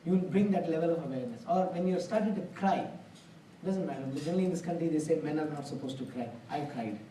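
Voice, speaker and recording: Man giving a temple discourse, mellow and roomy. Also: a little high, fast talker, slight background noise. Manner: earnest, plain-spoken, uses homely examples. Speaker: spiritual lecturer. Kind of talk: conversational spiritual discourse. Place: temple hall. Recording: roomy, distant mic in a hall.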